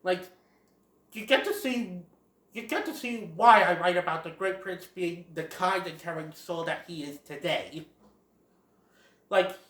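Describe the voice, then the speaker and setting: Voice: medium pitch, fairly bright tone. A fan movie reviewer casually retelling a film in a rambling, repetitive way. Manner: rambling, repetitive 'and then'. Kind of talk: casual story-style movie recap. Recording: roomy echo.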